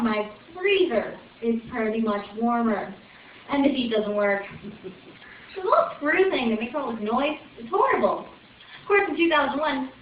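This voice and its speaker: A woman's voice: high-pitched, a little hiss or hum. A young woman from Chicago doing a rambling, exasperated stand-up rant with chatty asides to the crowd. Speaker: open mic comic. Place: small open mic venue on stage. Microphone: far camera. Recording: echoey room from far off, dull lo-fi video.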